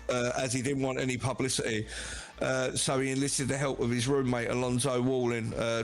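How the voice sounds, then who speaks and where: A man hosting a podcast, reading a horror story off his prompts with frequent "uh" pauses. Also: medium pitch. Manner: halting, many "uh" fillers.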